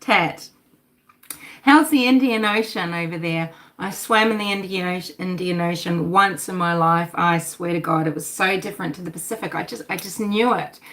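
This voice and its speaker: A woman's voice: lowish voice, moderate pace, hardly any pauses, a bit bright. A middle-aged woman, hosting a casual livestream, talking animatedly, swearing and reading out chat comments. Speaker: livestream host.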